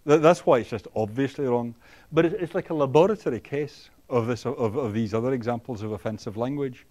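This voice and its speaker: Male lecturer in a classroom; average pitch, halting delivery with fillers and restarts, explains step by step and checks in with students. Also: a little mellow. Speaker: university lecturer. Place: lecture hall.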